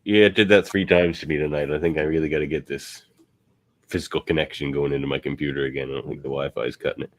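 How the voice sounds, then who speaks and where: Male podcast host, very low voice, laid-back, video call, casual banter. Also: fast. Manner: relaxed, plugs network shows.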